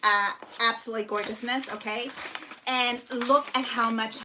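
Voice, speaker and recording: Excited crafting lady chatting to viewers on a phone, bright voice, a little hiss behind. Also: fairly high pitch, normal speed. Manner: bubbly, gushing, squealing with excitement. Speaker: paper crafting channel host. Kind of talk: excited livestream chat. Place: home craft room. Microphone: phone on a stand.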